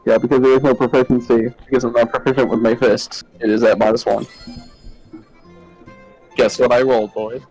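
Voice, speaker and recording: A man playing a tabletop game, chatting in a giggly, animated way. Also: medium pitch, fairly quick, pauses often, soft background music, rough recording. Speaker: player. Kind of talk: casual tabletop game play.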